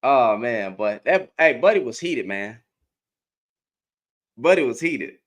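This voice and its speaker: A man giving heated reaction commentary as an online commentator, animated and profane, repeating himself and laughing often. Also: medium pitch, slow pace. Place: in Dallas, Texas.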